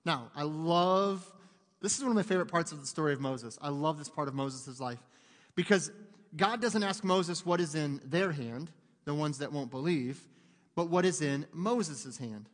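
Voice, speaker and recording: A man preaching a sermon in an animated way, joking with the congregation and acting out voices. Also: on the high side, moderate pace. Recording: long hall reverb.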